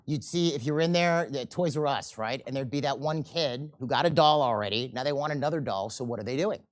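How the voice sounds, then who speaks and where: A man teaching a seminar, animated and often checking in with the audience, and acting out quoted people in changing voices. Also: medium pitch, brisk. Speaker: seminar instructor. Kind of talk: live seminar lecture.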